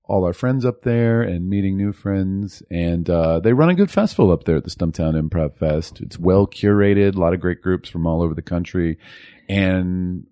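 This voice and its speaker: A man's voice: sits low, expressive, normal speed, mellow, no room sound, clean studio sound. A man co-hosting a casual movie podcast, rambling a little with fillers and restarts. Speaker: podcast co-host.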